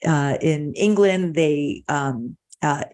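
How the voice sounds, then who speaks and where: Woman podcast host talking things through, lowish voice, keeps restarting and repeating herself. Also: takes it slowly, darkish tone. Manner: thoughtful, explaining, restarts and repeats words. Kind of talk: reflective podcast conversation.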